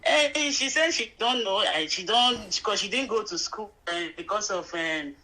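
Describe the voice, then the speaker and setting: A woman's voice: medium pitch, animated, moderate pace, bright, forceful tone, low-quality recording. A woman calling in to a show, talking in an earnest, emotional, repetitive way. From Nigeria. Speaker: caller. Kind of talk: call-in chat.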